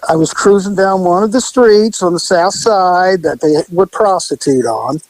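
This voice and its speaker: A man's voice: high-pitched, unhurried, dry recording, rough recording. Laid-back wry male storyteller. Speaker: co-host telling a story. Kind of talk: casual podcast storytelling.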